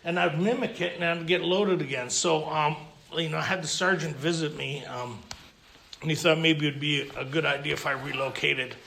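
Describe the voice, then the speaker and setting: A man's voice: fairly high pitch, moderate pace, gravelly, bright, forceful tone, a little hiss or hum. A man telling his story at a recovery meeting, humorous and self-mocking, stammering and restarting as he goes. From Canada. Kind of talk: storytelling talk at a recovery convention. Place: convention hall with audience.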